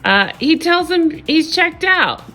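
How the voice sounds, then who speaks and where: A woman's voice: very high voice, sing-song, slow pace, bright, forceful tone, faint music behind. A woman vlogger giving a casual, chatty recap of a reality show, frank and gossipy, with frequent laughs and casual swearing.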